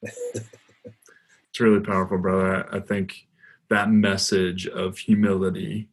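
A man's voice: deep voice, little pitch movement, slow pace, breathy edge. A man hosting a faith podcast, affirming his guest with brief murmurs and thoughtful replies. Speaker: podcast host. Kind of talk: conversational interview.

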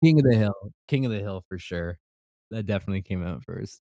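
A young man co-hosting a casual chat podcast, rambling with restarts and quick laughs. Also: on the low side, expressive, dark tone, no echo. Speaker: podcast co-host.

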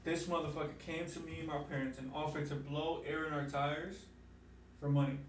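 Young guy, high voice, slangy and interrupting, echoey room. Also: fairly even intonation, a little fast, distant mic, a little hiss or hum. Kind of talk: casual chat. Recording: echoey room, away from mic.

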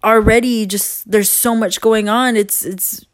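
A woman's voice: a little high, steady tone, measured pace, no echo. Earnest rambling woman vlogger, dry sound. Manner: rambling, earnest, laughs often, swears casually. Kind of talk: casual monologue to viewers.

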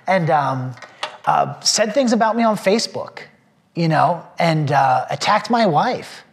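Male pastor, testimony to a small group, earnest and rambling, voice a bit high. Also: expressive, a little slow, creaky, a little hiss or hum. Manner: earnest, rambling, with many fillers and restarts; emotional when telling faith stories.

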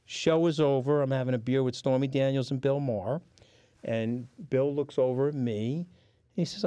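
A man's voice: medium pitch, a little fast, mellow, no echo. Blunt, swearing New York man. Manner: blunt, combative, swears freely. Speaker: podcast guest. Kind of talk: profane storytelling in casual chat.

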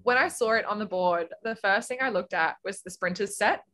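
Young female athlete, casual, animated storyteller, laughs easily. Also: mid-range voice, a little fast. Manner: animated storyteller, acts out quotes, laughs often. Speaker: guest swimmer. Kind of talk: casual interview chat.

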